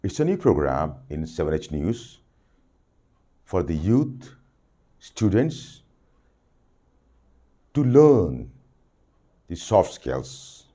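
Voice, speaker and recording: A man giving a soft skills lesson, deliberate and repeating phrases for emphasis. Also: deep voice, big pitch swings. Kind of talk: spoken lesson to camera.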